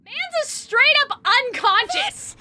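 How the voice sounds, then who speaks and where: A young woman streaming a video game, reacting excitably, swearing, calling people bestie and shrieking when things go wrong. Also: very high-pitched, takes it slowly. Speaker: gaming streamer. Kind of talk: let's play commentary. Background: loud game music.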